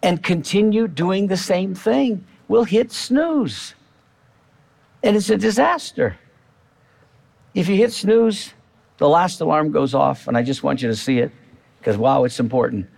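Male pastor, lively and unhurried sermon delivery, slightly raised pitch, repeats his points. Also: creaky. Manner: animated, conversational preaching with repeated phrases. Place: church.

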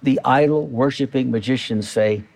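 A man's voice: medium pitch, normal speed, vocal fry, darkish tone. A male pastor preaching a sermon in a church, talking to the congregation in a conversational way and repeating key phrases.

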